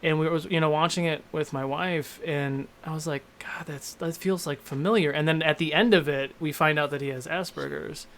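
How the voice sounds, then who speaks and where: A man's voice: fairly high pitch, steady tone, a little fast, vocal fry, hardly any pauses, fairly bright tone. A man in his thirties, a game master and show host, talking candidly in a rambling, self-deprecating way in a casual panel discussion.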